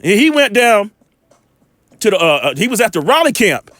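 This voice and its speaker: A man delivers a loose, rambling bible lesson in a high, animated voice that rises and falls a lot. He keeps checking in with his listeners and drops in salty asides. The sound is dry, with faint music underneath. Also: normal speed, dry recording. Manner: rambling, checks in with 'all right?', blunt profane asides. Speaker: bible teacher. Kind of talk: informal scripture teaching and commentary.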